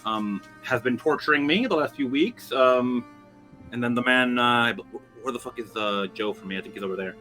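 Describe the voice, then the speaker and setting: A man's voice: mid-range voice, brisk, bright, forceful tone, faint music behind. A man introducing his tabletop character hesitantly, with many fillers and swearing. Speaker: player. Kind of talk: casual tabletop chat.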